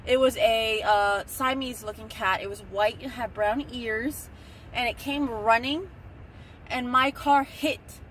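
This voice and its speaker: A woman's voice: on the high side, a little slow, a bit bright, a little hiss or hum. Chatty young woman vlogging from her car. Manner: chatty, rambling, talks straight to viewers. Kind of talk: casual storytelling vlog. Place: in a parked car.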